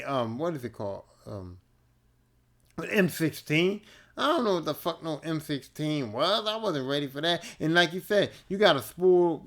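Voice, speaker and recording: Profane, laid-back man telling stories. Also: a little high. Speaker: podcast host. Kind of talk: casual storytelling monologue.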